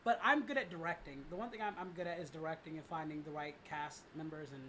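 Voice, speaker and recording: A man's voice: on the high side, fast, pushed and bright, a little hiss or hum. A young man hosting a casual livestream, rambling with many fillers and restarts and swearing freely. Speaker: livestream host and voice director.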